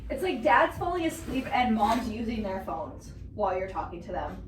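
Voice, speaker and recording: A woman's voice: mid-range voice, big pitch swings, normal speed. A young woman hosting a student podcast, chatting casually and laughing often. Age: young adult. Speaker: podcast host. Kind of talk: casual chat. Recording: echoey room, mic at a distance, faint hiss.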